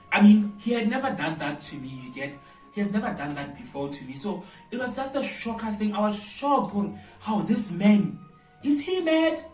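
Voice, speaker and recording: A South African man telling a storytime vlog in an animated, dramatic way, with loud exclamations. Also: high-pitched, distant mic. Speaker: vlogger. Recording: roomy echo, voice away from mic, faint music.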